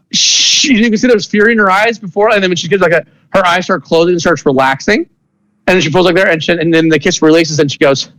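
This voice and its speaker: Male game master, slightly high pitch, dry close mic, halting and rambling narration. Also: a bit bright, no echo, poor audio. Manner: rambling, halting narration with many restarts and fillers.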